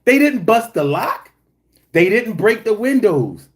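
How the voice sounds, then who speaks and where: A man talks casually to his stream chat, his voice leaping high and low as he tells stories. He jokes freely and swears often. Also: measured pace. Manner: animated, swings high when telling stories; profane and joking. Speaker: livestream host reading chat.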